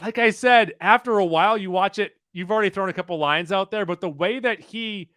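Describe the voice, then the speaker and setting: A man co-hosting a podcast in casual chat, briskly announcing entries of a countdown. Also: high voice, bright, forceful tone, no echo, studio quality. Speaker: podcast co-host.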